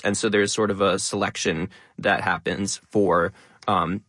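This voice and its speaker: A young man talking fast and stressing many words as a content creator guest in an interview. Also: low voice, flat delivery, a bit bright, no echo, clean studio sound. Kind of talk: interview conversation.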